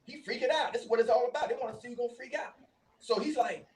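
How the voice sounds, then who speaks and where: A man with a high voice tells animated stories, laughing often as he talks. He sits a little back from the microphone. Faint noise hums behind him. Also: fast, distant mic. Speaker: co-host. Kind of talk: casual chat.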